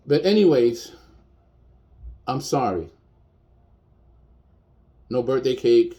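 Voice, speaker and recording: A man's voice: mid-range voice, lively intonation, extremely slow, pauses often, warm tone. A man in his fifties, a chef, speaking bluntly and defiantly in a personal video rant, repeating his points for emphasis. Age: 50s.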